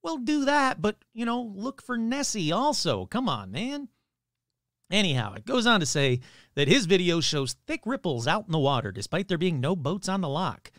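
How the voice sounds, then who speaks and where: Man, casual podcast host, joking asides, slightly high voice, dry studio sound. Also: sing-song, moderate pace, a bit bright, no room sound. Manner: joking, self-deprecating asides. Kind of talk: casual podcast monologue reading news. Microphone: studio microphone, adjusted mid-show.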